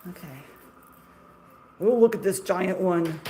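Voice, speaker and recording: A woman's voice: deep voice, animated, unhurried, long pauses, dark tone, slight background noise. A middle-aged woman, a shop owner, chatting casually on a livestream in a chatty, self-deprecating way and laughing often.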